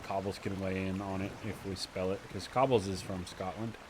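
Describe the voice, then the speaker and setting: A man's voice: low voice, level tone, normal speed, slight background noise. A man streamer chatting casually with his viewers, rambling along and laughing often.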